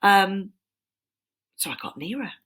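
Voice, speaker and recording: A woman voicing a sly, flattering male serpent tempter, wheedling and dropping into breathy whispers. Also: medium pitch, takes it slowly, full character voice. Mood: awestruck. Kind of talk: dramatized reading of a poem.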